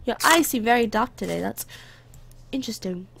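Gravelly woman chatting through gameplay. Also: fairly high pitch, expressive, brisk, fairly bright tone, a little hiss or hum. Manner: chatty, drifts into playful put-on accents; talks to game characters as a border guard. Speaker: gameplay commentator. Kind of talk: casual let's play commentary.

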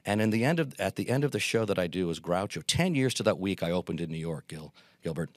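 A middle-aged man telling lively anecdotes as an interview guest, acting out quotes as he goes. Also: deep voice, fast talker, no room sound. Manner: animated anecdotes with acted quotes. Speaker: guest, Groucho performer. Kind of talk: storytelling interview.

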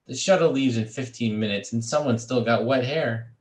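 A man's voice: mid-range voice, normal speed, lightly acted. A man playing a brash pushy conventioneer. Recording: echoey room.

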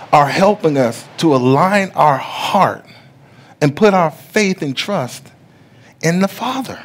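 A middle-aged man preaching a sermon as pastor, telling stories that act out other people's voices and building to loud preaching. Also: on the high side. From USA. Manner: storytelling, rising to loud preaching; acts out the voices in his stories.

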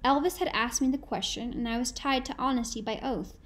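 A woman narrating a first-person novel in a measured, reflective storytelling manner. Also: on the high side, rough recording. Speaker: audiobook narrator.

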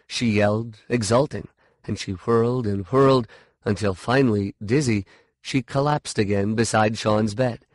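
A man narrating a fantasy short story in a slow, measured reading. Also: on the low side, no room sound, studio quality.

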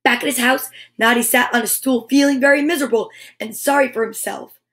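High-voiced woman reading a kids' story. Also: brisk. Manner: animated, with whispered asides. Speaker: children's story show host. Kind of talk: storybook read-aloud for kids.

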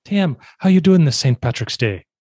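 A man's voice: on the high side, expressive, moderate pace, darkish tone, breathy edge, no room sound. A man co-hosting a podcast, chatting casually and joking with his guests. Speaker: podcast co-host.

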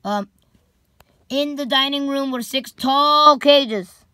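A young woman reads a children's storybook aloud, slow and deliberate, tripping over names and tossing in sarcastic asides. Her voice is bright and sits a little high. The recording is dry and close. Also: dry recording. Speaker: storybook reader. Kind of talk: comedic children's book read-aloud.

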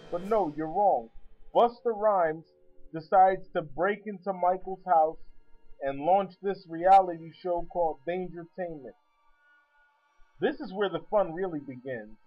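A man's voice: sits high, dull audio. A man giving a chatty, rambling movie review with a sarcastic edge, sitting back from his microphone. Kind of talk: casual spoken movie review.

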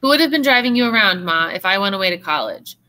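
A woman's voice: medium pitch, expressive, fast talker, bright, forceful tone. A woman reading aloud as a young woman who talks in a pleading, defensive way.

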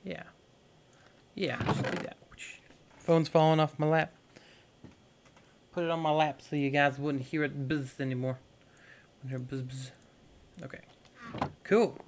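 A man's voice: a little high, flat delivery, measured pace, pauses often, slight background noise. A young man casually commenting on his gameplay, rambling and talking to viewers as he plays. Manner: rambling, talks to viewers while playing. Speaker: gaming YouTuber. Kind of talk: casual let's-play commentary.

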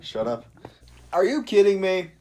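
Lively, ranting young man gaming. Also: high-pitched, measured pace. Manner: ranty and exasperated. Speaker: gaming YouTuber. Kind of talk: casual gaming chat.

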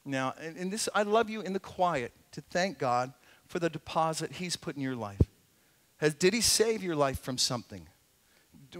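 High-voiced earnest preaching pastor. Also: male voice. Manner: earnest, conversational preaching with rising emphasis and quiet asides. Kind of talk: sermon. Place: church sanctuary.

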